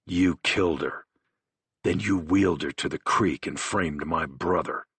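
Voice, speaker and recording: A male narrator voicing an enraged young man who confronts someone with quiet menace and sudden shouts in an audiobook. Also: a little slow, husky, dry recording, heavily acted. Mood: angry menacing. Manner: low menacing, bursts of shouting. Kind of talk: audiobook character voice.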